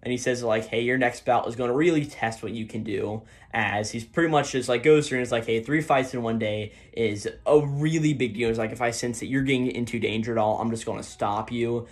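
A man's voice: medium pitch, brisk, hardly any pauses. A man casually recapping manga chapters in a rambling way, with lots of fillers, and paraphrasing the characters' lines in light voices. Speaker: host.

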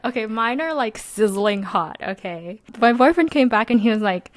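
A woman's voice: mid-range voice, normal speed, no echo. A young woman co-hosting a podcast, telling a rambling story in casual chat, full of "like"s and laughter. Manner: chatty, rambling, many "like"s, laughs often. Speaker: podcast co-host.

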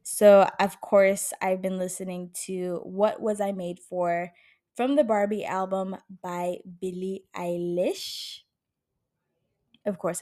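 A woman's voice: mid-range voice, level tone, takes it slowly, darkish tone. A woman in her twenties hosting a casual solo podcast, chatting emphatically, swearing freely and filling her talk with "like" and "bro". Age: 20s. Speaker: podcast host.

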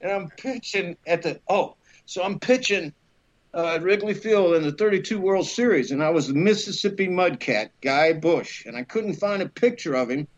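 A middle-aged actor from Alabama, appearing as a podcast guest, tells rambling, animated stories and acts out the quotes, using plenty of fillers. His voice is high and his pace moderate, though the audio sounds dull.

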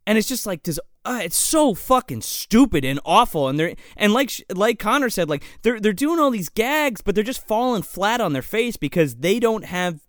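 A man in casual chat as a podcast co-host, animated, swearing a lot and laughing often. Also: high-pitched, moderate pace, few pauses, no room sound, studio quality.

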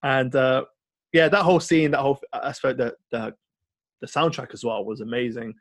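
A man co-hosting a podcast, chatting casually and rambling through an animated story with lots of fillers. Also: mid-range voice, moderate pace, no echo. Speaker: podcast co-host. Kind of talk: casual film chat.

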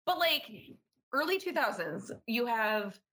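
A woman in her thirties co-hosting a podcast, chatting about movies in an animated, rambling way with lots of fillers. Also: fairly high pitch, a little slow. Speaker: podcast co-host. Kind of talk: casual movie chat.

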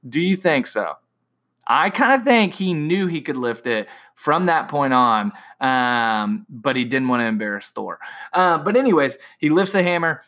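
Young male film fan, bright tone, rambling and excitable. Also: on the high side, measured pace. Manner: excited, rambling with many fillers and restarts. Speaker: movie reviewer. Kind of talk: casual movie recap.

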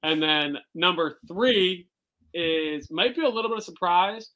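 A man's voice: high voice, a little slow, sharp tone. A man co-hosting a podcast, chatting in an easygoing, laid-back way. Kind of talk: casual chat.

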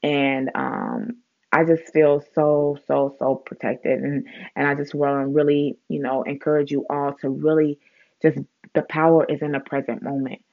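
A woman rambles through a casual spiritual vlog, full of fillers and restarts, growing animated as she retells a story. Her voice is low. The audio is narrow and tinny, with no room sound.

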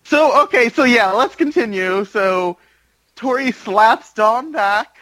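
Animated man recapping wrestling. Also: very high-pitched, slow pace, dry recording, low-quality recording. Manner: animated storyteller, acts out quotes. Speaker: podcast co-host. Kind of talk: casual chat recapping wrestling.

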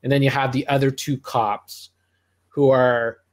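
Flat and unhurried, a middle-aged man's medium-pitched voice carries a casual movie-review chat on the podcast he co-hosts. He rambles, restarting sentences and slipping into asides.

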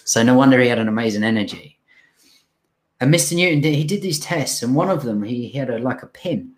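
A young adult man telling an emotional personal story in an earnest, halting way, with many restarts and fillers. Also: mid-range voice, lively intonation. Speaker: speaker telling his recovery story.

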